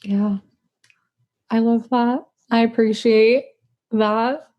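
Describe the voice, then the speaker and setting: A woman's voice: fairly high pitch, fairly even intonation, slow, dull audio. A young adult woman hosting a casual podcast chat, talking reflectively and rambling with many fillers. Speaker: podcast host.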